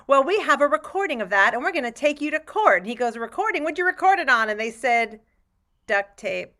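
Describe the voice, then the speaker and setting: A woman improv performer on a video call, telling quick jokes with a dry, teasing delivery. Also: high voice, sing-song, pushed and bright. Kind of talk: joking improv banter.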